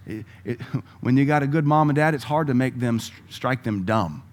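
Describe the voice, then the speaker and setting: A man preaching a sermon, moving between loud emphatic lines and quiet asides and chuckling with the congregation. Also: medium pitch, moderate pace. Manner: laughs often, conversational asides to the congregation.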